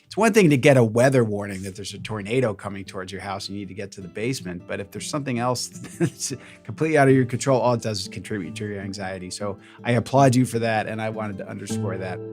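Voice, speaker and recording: A man hosting a podcast, giving measured advice and recapping his guest's points. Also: fairly low pitch, a little mellow, faint music behind. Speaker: podcast host. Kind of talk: interview reply and narrated recap.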